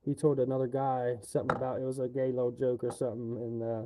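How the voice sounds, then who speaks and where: A man's voice: medium pitch, flat delivery, fast talker, noisy background. A man on a livestream, ranting casually in a rambling, profane way.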